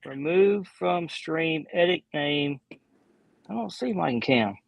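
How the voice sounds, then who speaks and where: A man who fishes bass professionally, chatting casually on a live stream and rambling with lots of fillers. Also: animated, takes it slowly, creaky, dry recording, rough recording. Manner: rambling, heavy on "you know" fillers.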